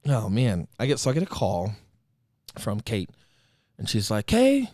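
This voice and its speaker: A young man with a lowish voice tells a personal story on a podcast in a lively, casual way, sometimes acting out others' lines in a put-on voice. The sound is dry and close, with no room around it. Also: measured pace, no echo. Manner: animated, acts out quotes with a put-on high voice. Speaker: podcast host.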